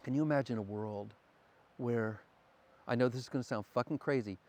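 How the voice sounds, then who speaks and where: A middle-aged man talking fast in an animated, profane conversation as a podcast guest. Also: medium pitch. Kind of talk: casual conversation.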